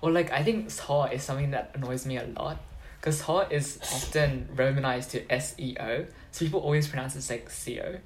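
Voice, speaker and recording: A man's voice: medium pitch, brisk, a little hiss or hum. A young man chatting casually on a podcast, rambling with lots of filler words. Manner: rambling, heavy use of filler "like". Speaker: podcast co-host. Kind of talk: casual chat.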